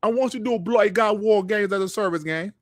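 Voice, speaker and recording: A man putting on a deliberately bad British accent to mock a male executive. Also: high-pitched, dry recording, clean studio sound, close to an everyday voice. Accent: put-on British. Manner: exaggerated, mocking.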